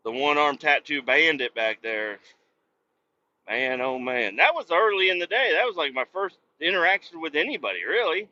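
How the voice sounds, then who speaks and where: Foul-mouthed trucker ranting behind the wheel. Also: male voice, a little high, lively intonation, normal speed, sharp tone. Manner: profane, mocking, rambling. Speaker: truck driver and podcast host. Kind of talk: profane rant while driving. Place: truck cab on the highway. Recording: dull lo-fi sound.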